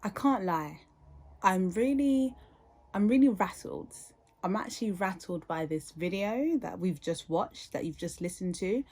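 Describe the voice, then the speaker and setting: A young British woman hosting a podcast, reacting in an animated, indignant way and talking straight to her listeners. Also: mid-range voice, unhurried, husky. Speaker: podcast host. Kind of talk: casual podcast commentary.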